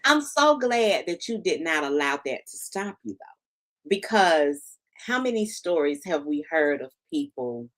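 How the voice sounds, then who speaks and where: A woman's voice: low-pitched, very animated, unhurried, fairly bright tone. A woman hosting a casual interview, affirming her guest with lots of agreement and enthusiasm. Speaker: show host.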